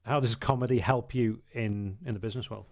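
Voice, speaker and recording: A man's voice: fairly low pitch, steady tone, a little fast, creaky, dry recording. A man hosting a podcast interview, asking questions politely with hesitant fillers. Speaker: podcast host.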